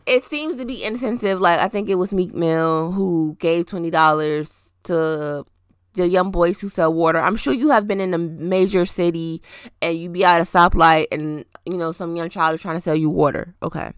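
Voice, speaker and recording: A young woman hosting a podcast, ranting in casual, profane, exasperated commentary that rises to loud outbursts. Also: fairly low pitch, normal speed, smooth, dry recording, studio quality. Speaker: podcast host.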